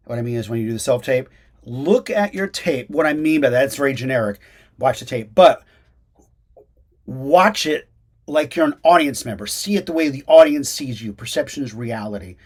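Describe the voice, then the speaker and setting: A man of middle pitch answers interview questions over a video call. He talks in a lively, animated way, stops and restarts often, and sounds like an actor who also teaches. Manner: animated, many restarts and fillers.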